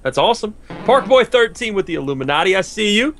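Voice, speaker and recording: Brief: male co-streamer, slightly high voice, bubbly, thanks viewers, laughs a lot. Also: fast talker. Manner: excitable, laughs often, reads out chat names. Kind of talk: casual live-stream chat.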